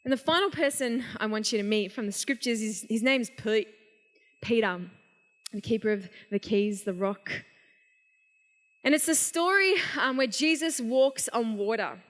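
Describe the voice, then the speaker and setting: Young woman, youth sermon, casual animated storytelling, high voice, long hall reverb. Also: normal speed. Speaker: youth conference speaker. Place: large event hall.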